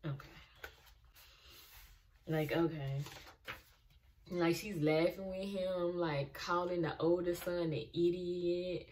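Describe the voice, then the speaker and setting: Lower-voiced young woman ranting about a tv show, kinda far from the mic. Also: takes it slowly, long pauses, slight background noise. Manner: animated, exasperated, talks back to the characters. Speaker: reaction video host. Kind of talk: casual TV reaction commentary.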